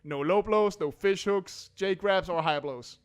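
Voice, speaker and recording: A man voicing a brash, drunk middle-aged film buff who rants loudly with a slurred voice. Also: high-pitched, measured pace, clean tone. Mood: mock-official. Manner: slurring drunk voice, loud and ranting.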